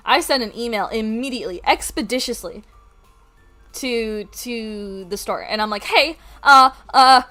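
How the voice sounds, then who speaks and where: A woman streamer chatting to her viewers from home in a high, bright voice. She tells her story in an animated way, laughing and swearing freely. Soft music plays faintly behind her. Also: moderate pace. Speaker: art streamer.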